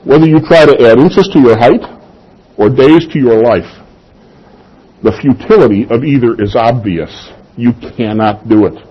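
A man with a husky, breathy voice delivering a sermon. He makes his points firmly, poses rhetorical questions and laughs softly now and then. The sound is dull and slightly muffled. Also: medium pitch, normal speed. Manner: emphatic, with rhetorical questions and soft chuckles. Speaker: pastor.

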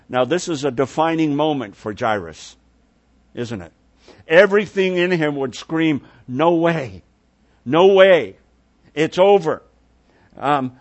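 Slow-paced male preacher. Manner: unhurried, drops to soft low tones for quoted words, swells when emphatic. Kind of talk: sermon.

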